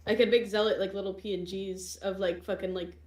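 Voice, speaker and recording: A woman chats jokily at a game table, swearing casually. Her pitch is ordinary for a woman. The room adds echo. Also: little pitch movement, fairly quick, darkish tone. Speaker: player. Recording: echoey room.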